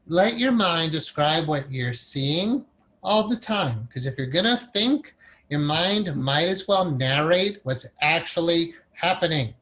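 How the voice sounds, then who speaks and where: A man teaching a recorded meditation class in a casual, animated way, acting out the inner voice of the mind as examples. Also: fairly high pitch, slow pace.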